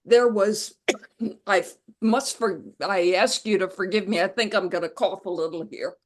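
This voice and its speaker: A woman being interviewed as an author, telling stories in a reflective, measured way. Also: mid-range voice. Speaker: guest author. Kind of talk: conversational interview.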